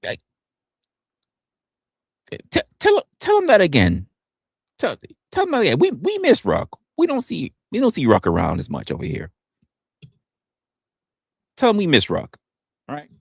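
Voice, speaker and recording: A man's voice: unhurried, vocal fry, long pauses, husky, no room sound, clean studio sound. A man hosting a casual livestream, talking loosely and profanely and often stumbling and restarting his words. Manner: animated, swinging pitch up and down. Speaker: livestream host.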